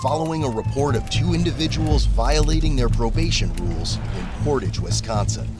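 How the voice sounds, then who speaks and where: A man narrating a true-crime case in a clear, steady scripted delivery. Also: mid-range voice, moderate pace. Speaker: channel host and narrator. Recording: narration over loud background music.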